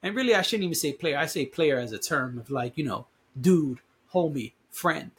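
A man with a somewhat high, husky voice, stuffed up from allergies and sniffling. He hosts a casual solo podcast, speaking in a conversational, emphatic way and breaking into news items with quick asides. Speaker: podcast host.

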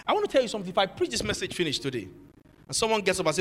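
A pastor preaching a sermon, moving from low, musing talk to shouted rebuke. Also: male voice, wildly swooping pitch, racing, in a large hall, faint music behind.

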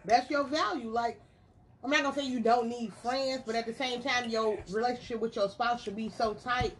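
A woman with a high, bright voice talks frankly and swears freely. She tells her stories loosely and slips into quoted voices. A faint hiss sits under the recording. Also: steady tone, moderate pace. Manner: blunt, profane, storytelling with quoted voices. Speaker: podcast panelist. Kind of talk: casual chat.

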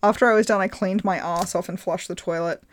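A woman's voice: fairly low pitch, steady tone, fairly quick, a little hiss or hum. A woman reading a story aloud to a co-host, amused and breaking into laughs, acting out the quoted voices.

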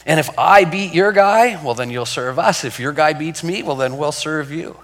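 A man's voice: fairly high pitch, moderate pace. A man voicing a boastful male giant warrior who issues a casual, taunting challenge, heard in a long hall reverb.

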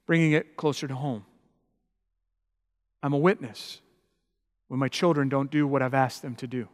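A man preaching a sermon as pastor, emphatic and building to loud, passionate peaks. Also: medium pitch, fairly even intonation, moderate pace, in a large hall.

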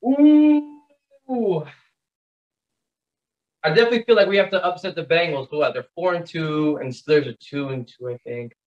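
A young man from the Pacific Northwest, a podcast guest telling stories excitedly in casual chat, with fillers. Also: on the high side, fast talker, few pauses. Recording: dull lo-fi sound.

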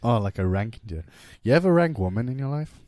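A man's voice: mid-range voice, sing-song, fast talker, a little mellow, dry recording, studio quality. A young man co-hosting a casual podcast, joking, boastful and crude, often laughing. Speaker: podcast co-host.

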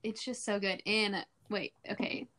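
A young woman in her twenties co-hosting a casual podcast chat, excitable and quick to exclaim. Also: mid-range voice. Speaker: podcast co-host.

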